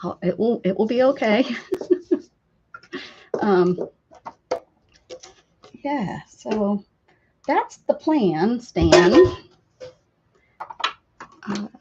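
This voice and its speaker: An American woman chats on an art live stream in a medium-pitched, lively voice, drawing out words and leaving long pauses while she rambles, laughs and answers comments. Background noise sits under slightly dull lo-fi audio.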